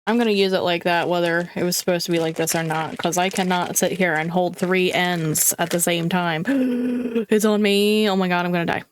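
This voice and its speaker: This craft vlogger's voice is on the low side and steady, at normal speed, with a little hiss or hum in the background. Chatty and self-deprecating, she addresses her viewers with theatrical groans of squeamishness and frequent laughter.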